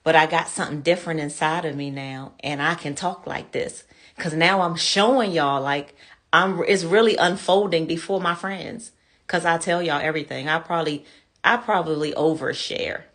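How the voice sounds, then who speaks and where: A woman's voice: sits low, moderate pace, fairly bright tone. A woman in her fifties hosting her show, talking candidly and casually to her viewers as friends, calling them y'all. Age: 50s. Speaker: show host.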